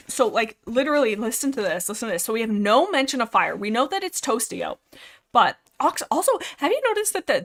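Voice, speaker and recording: Rambling, excitable young woman streamer. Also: mid-range voice. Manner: rambling, excitable, lots of filler likes. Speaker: livestream host. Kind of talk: casual livestream book discussion.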